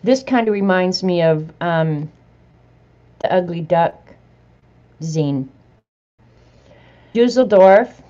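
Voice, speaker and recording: Middle-aged lady chatting to her viewers, lowish mellow voice, kinda dull lo-fi sound. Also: lively intonation, takes it slowly, pauses often. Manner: chatty, laughs and reads aloud. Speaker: vlogger opening happy mail. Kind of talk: casual chat to viewers.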